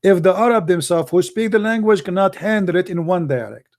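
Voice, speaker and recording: A man with an Arabic accent, a native Arabic speaker from the Middle East, hosting a live debate show in a mocking, emphatic and forceful way. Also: high-pitched, expressive, brisk. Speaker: apologetics show host.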